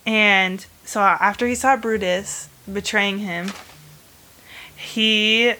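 A woman's voice: mid-range voice, fairly even intonation, slow pace, sharp tone. A woman hosting a casual chat, telling a history story in a rambling, chatty way full of fillers and bursts of humor. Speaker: host.

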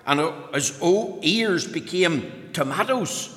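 Bright-voiced man telling a children's story. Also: a little high, slow. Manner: lively, addresses children with questions. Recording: long hall reverb.

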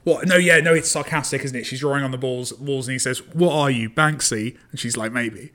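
Bright-voiced joking man. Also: mid-range voice, fast. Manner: joking, self-deprecating. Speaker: podcast co-host. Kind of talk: casual chat.

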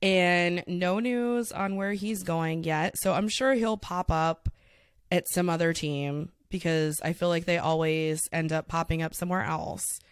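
Here a young woman with a fairly low, smooth voice co-hosts a podcast, chatting casually with quick laughs and plenty of "like" fillers. The sound is clean studio audio with no room sound.

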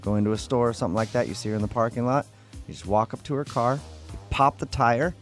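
A man's voice: mid-range voice, quick pace, faint music behind. Joking male radio host. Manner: joking, teasing. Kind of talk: comedic radio talk.

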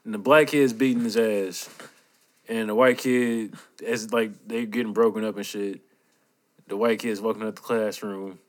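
A young man co-hosting a casual podcast. He is excitable and laughs often while retelling funny videos. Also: fairly low pitch, normal speed. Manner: excitable, laughing, acts out shouted quotes. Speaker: podcast co-host. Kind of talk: casual chat.

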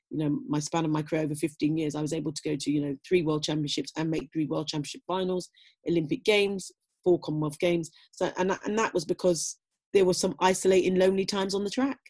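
A woman's voice: sits low, fairly even intonation, fast, a little mellow, slightly rough. A middle-aged woman talking casually as an interview guest, reflective and full of "you know" fillers. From Britain. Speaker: guest, former athlete.

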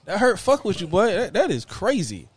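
A young man chiming in on a podcast with crude, loud jokes in casual chat. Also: sits high, wildly swooping pitch, normal speed, husky.

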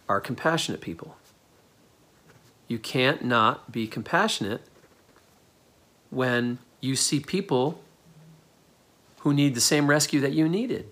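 A man delivering a sermon from the pulpit, retelling a story and slipping into voices for its characters. His voice is husky and slightly rough, set at an ordinary middle pitch. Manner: animated storytelling, acts out quoted voices. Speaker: pastor.

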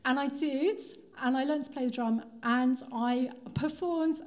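A woman's voice: sits high, unhurried, a little mellow. Giggly woman in her fifties at an open mic. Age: 50s. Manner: giggly, breathless, enthusiastic. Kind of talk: excited open mic talk.

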